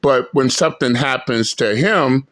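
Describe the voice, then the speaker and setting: A man hosting a reaction video, talking slowly and emphatically in a profane, ranting commentary. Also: mid-range voice, a bit bright. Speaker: channel host reacting to clips.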